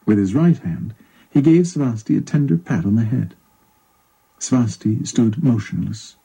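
A man narrating a story in a measured, even storytelling delivery. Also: mid-range voice, gravelly, breathy edge, low-quality recording. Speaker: audiobook narrator.

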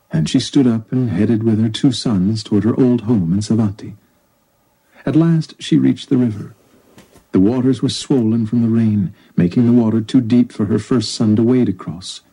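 A man narrating a story in a calm, measured audiobook reading. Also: mid-range voice, slightly rough, rough recording.

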